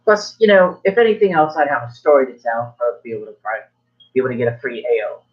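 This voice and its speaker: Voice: medium pitch, sing-song, fast, natural voice. Rambling old townsman spinning a tale, played by a game master, lo-fi sound. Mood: reminiscing. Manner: rambling, folksy.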